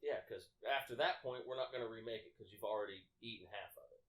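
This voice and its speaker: A man's voice: lowish voice, fast. A young man in his twenties, co-hosting a podcast, telling stories casually and swearing freely. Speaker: podcast co-host. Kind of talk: casual storytelling chat.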